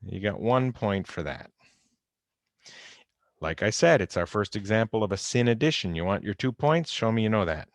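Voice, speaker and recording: Animated and fairly low-voiced, this chemistry instructor talks at normal speed while wryly reviewing exam answers with his students. The informal lecture was captured dry and at studio quality on a close computer mic during a video call.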